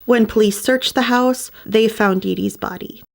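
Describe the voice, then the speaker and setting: A woman's voice: fairly high pitch, a little slow, creaky. A woman narrating a true crime story in a casual, conversational way, with wry asides.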